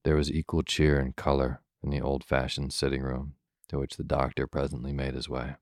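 Very deep, calm bedtime storyteller man. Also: dry recording, studio quality. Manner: slow, soothing, measured.

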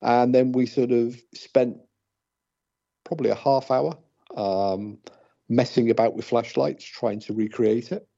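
Hesitant man with a mellow, husky voice. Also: medium pitch, steady tone, unhurried. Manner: hesitant, many fillers and restarts. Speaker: paranormal investigator, co-host. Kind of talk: casual radio talk. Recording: dull lo-fi radio audio.

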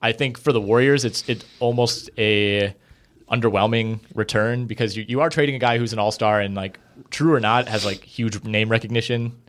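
A man's voice: on the low side, fairly even intonation, moderate pace. A man co-hosting a podcast, talking through basketball trades in a casual, conversational way with lots of fillers. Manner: conversational, hedging with many fillers. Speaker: podcast co-host.

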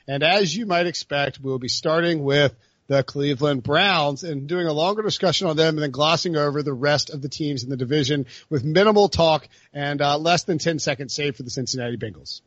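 A man's voice: fairly high pitch, a bit bright, no room sound, lo-fi sound. A man hosting a sports podcast, moving the show along with a teasing tone. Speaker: podcast host. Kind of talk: casual sports podcast chat.

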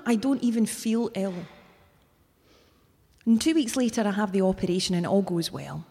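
A woman's voice: mid-range voice, normal speed, long pauses, warm tone, breathy edge. A woman telling a true personal story live on stage, with wry, self-mocking humour. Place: theatre stage before an audience. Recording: long hall reverb from a live stage.

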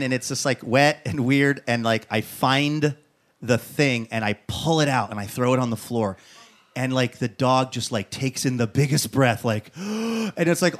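A man hosting a talk show, with a voice in the middle pitch for a man. He tells a comic story in a lively, animated way and acts out what people said. His delivery is casual and chatty. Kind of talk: comic monologue and interview.

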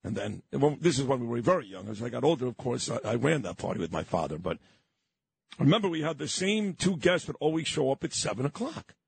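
Gravelly New radio host. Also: male voice, medium pitch, big pitch swings, a little fast. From Brooklyn, New York. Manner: sentimental, rambling storyteller. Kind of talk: reminiscing on-air chat.

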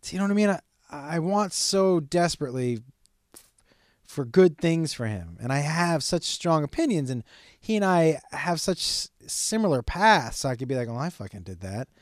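Solo podcast host, middle-aged man, loose confessional monologue with swearing, fairly high-pitched. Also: expressive, normal speed, no room sound, clean studio sound. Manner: candid, rambling, swears often.

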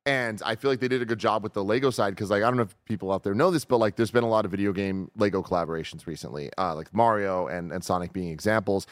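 A man in his thirties co-hosting a video game news show in casual chat, animated and jumping up into excited peaks. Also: on the low side, quick pace, hardly any pauses, no room sound, studio quality.

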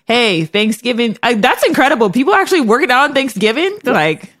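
A chatty, self-deprecating woman in her thirties hosts a casual podcast conversation, talking in quick bursts full of restarts. Her voice sits at a middle pitch. The recording is dry and close. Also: very animated, fairly bright tone, dry recording. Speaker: podcast host. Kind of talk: casual chat.

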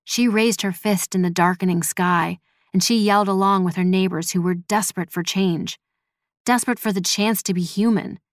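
A woman narrating a dramatic story in a measured, expressive storytelling voice. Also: mid-range voice, no echo, studio quality. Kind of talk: scripted audio drama narration.

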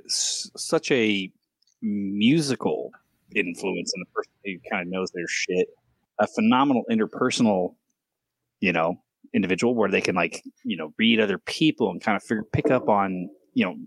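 A man's voice: fairly low pitch, expressive, moderate pace, gravelly, no room sound. Swearing, joking male podcast host. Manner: profane, joking banter. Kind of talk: casual chat.

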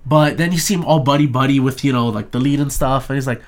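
A young man talking through a movie plot in loose, profane, rambling chat. He drops into quick impressions of the characters as he goes. His voice sits at an ordinary middle pitch. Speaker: podcast co-host reviewing a movie. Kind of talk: casual chat.

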